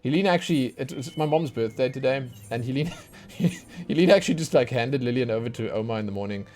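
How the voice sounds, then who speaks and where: A man's voice: mid-range voice, lively intonation, fairly quick, a little mellow. Tired, rambling male streamer. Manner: rambling, chatty, self-mocking. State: tired from lack of sleep. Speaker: let's play streamer. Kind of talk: casual chat while gaming. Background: faint game music.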